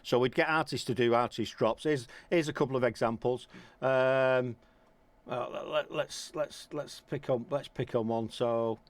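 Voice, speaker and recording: Chatty radio host. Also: male voice, mid-range voice, steady tone, moderate pace. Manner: chatty, repeats phrases, banters and laughs. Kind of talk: casual interview chat.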